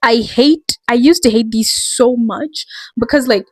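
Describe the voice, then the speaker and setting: A woman's voice: on the high side, unhurried, breathy edge, no room sound. A woman vlogger ranting in a casual, rambling, exasperated way, full of fillers. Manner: rambling, exasperated, heavy use of "like".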